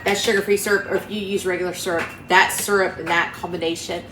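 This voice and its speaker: A woman's voice: fairly low pitch, level tone, fast, music in the background. A woman with an Appalachian accent hosting a casual cooking vlog from her home kitchen, chatty, homey and upbeat, talking to viewers like friends. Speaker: cooking channel host. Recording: roomy kitchen with faint background hum.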